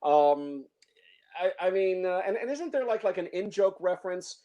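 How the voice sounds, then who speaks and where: A man with a somewhat high voice talks through a film review in loose, conversational chat. He is opinionated and stumbles often, repeating words and restarting his sentences. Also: expressive, mellow, lo-fi sound. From San Francisco Bay Area. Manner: halting, many restarts and fillers, opinionated.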